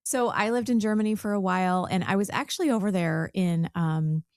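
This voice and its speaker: A woman's voice: medium pitch, fairly quick, smooth, no room sound, clean studio sound. A woman in her forties from the American South, a podcast guest telling her story in a chatty way with laughs. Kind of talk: casual interview chat.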